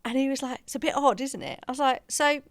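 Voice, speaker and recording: A woman's voice: high voice, fairly even intonation, fast, no room sound, clean studio sound. A woman podcast co-host and practice manager, telling a story in casual chat and acting out the quoted dialogue with laughter.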